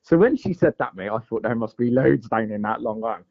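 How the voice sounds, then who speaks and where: A man's voice: mid-range voice, expressive, brisk, gravelly. Rambling man with dull audio. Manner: rambling, full of "mate" and "like" fillers. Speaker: guest angler. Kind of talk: casual storytelling interview.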